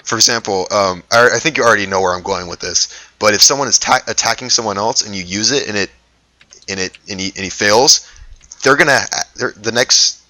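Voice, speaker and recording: A man's voice: lowish voice, brisk, bright, forceful tone, no room sound. A young man running a tabletop game as dungeon master, hesitant and full of fillers. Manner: hesitant, many fillers and restarts, laughs often. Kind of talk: casual tabletop game talk.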